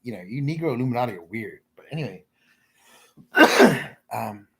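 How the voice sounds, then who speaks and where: A man with a very husky, breathy voice rambles through crude, off-the-cuff commentary. He mumbles and trails off into low asides, then bounces back with a lively, swinging pitch. His talk keeps interrupting itself. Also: moderate pace.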